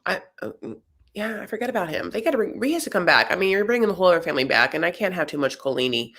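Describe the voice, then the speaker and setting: A woman's voice: fairly low pitch, big pitch swings, very fast, fairly bright tone. A woman co-hosting a casual reality TV recap show, chatty and gossipy, calling people honey. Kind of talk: casual chat.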